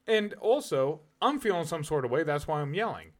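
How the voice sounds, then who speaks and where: A man co-hosting a casual podcast talks with lively swings in pitch. He argues his point patiently and at length, and he pushes back when the others disagree. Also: brisk. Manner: argumentative, explains at length. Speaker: podcast co-host. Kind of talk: casual chat.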